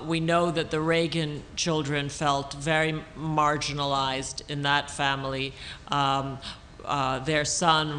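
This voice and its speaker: Halting woman author, faint hiss. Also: low-pitched, a bit bright. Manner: halting, many restarts and fillers. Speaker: author on a panel. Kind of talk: audience Q&A at a public talk. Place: auditorium stage.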